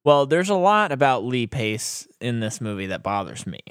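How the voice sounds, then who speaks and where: A man's voice: mid-range voice, big pitch swings, normal speed, clean tone, no echo, clean studio sound. A man co-hosting a podcast, chatting casually about a movie with blunt opinions and frequent laughs. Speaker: podcast co-host. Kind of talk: casual movie review chat.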